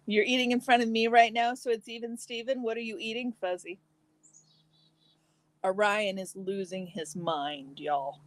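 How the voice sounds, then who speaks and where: A woman's voice: medium pitch, steady tone, moderate pace, no room sound, poor audio. Chatty woman hosting a casual stream. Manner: chatty, talks to viewers while eating. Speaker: live stream host. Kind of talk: casual chat reading comments.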